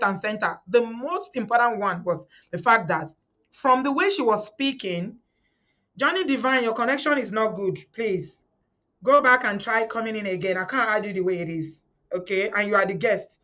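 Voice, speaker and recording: A middle-aged Nigerian woman hosts a live community stream, speaking fervently to her viewers, repeating words and quoting the people she talks about. Her voice is medium-pitched with a fairly bright tone, and the sound is lo-fi.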